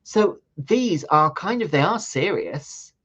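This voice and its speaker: A man's voice: on the high side, lively intonation, slow pace, a bit bright. A man leading a training session on social media marketing, talking it through in a loose, conversational way with frequent ums and restarts. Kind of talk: live online training session. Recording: slightly dull lo-fi audio.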